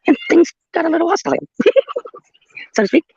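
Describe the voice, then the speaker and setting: A woman's voice: extremely high pitch, very animated, moderate pace, gravelly, darkish tone, dry recording, muffled recording. An older woman telling a story on her livestream in a blunt, profane way, with laughs between her sentences. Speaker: livestream host. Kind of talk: casual storytelling.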